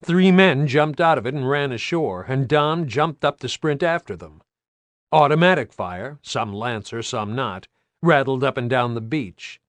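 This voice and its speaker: A man's voice: medium pitch, lively intonation, measured pace, dry recording. A man reading an audiobook aloud with tense, dramatic narration. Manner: tense, dramatic, varied delivery.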